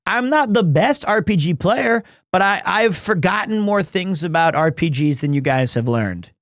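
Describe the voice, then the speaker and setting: A man in his thirties with an expressive voice that sits high chats on a live stream at normal speed, recorded dry with clean studio sound. His talk is rambling and self-interrupting, full of chuckles, jokes and teasing.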